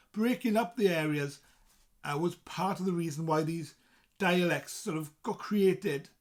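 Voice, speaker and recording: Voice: medium pitch, darkish tone. Chatty presenter with a South Welsh accent. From South Wales. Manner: chatty, reads points from a list with asides. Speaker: presenter explaining dialects. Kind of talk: casual spoken explainer.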